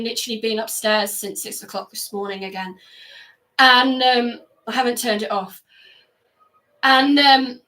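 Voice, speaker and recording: Brief: woman recording a personal vlog at home, fairly high voice, hesitant and reflective. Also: bright, forceful tone, far from the mic. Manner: hesitant, many fillers, halting restarts. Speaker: vlogger. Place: upstairs at home indoors.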